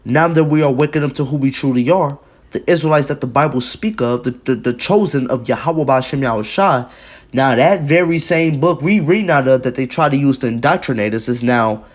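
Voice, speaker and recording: A man's voice: medium pitch, normal speed. A man giving an emphatic, repetitive preaching commentary on video, reading scripture and news aloud and often adding "man".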